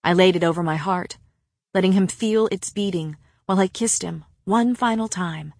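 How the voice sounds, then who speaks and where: A woman narrates a story aloud in a lowish, softly even voice. Her reading is steady and unhurried, and it is caught close and dry with no room sound. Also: no echo. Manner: soft, even storytelling with quiet dialogue. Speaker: audiobook narrator. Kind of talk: scripted first-person narration.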